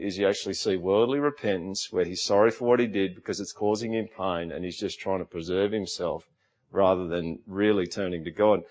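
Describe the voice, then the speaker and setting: A man's voice: on the low side, a little mellow. A middle-aged man with an Australian accent preaching a sermon in a conversational way, often asking the congregation rhetorical questions. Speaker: pastor.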